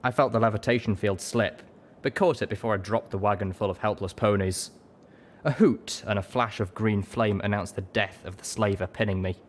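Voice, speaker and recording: A man narrating a story in first person with a steady, dramatic reading. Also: lowish voice, moderate pace. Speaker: audiobook reader.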